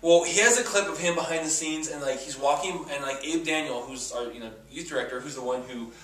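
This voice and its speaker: Rambling bright-voiced man in an echoey room. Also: a little high, fast talker. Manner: rambling, filler-heavy storytelling. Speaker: podcast co-host. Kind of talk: casual chat. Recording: echoey room, mic at a distance.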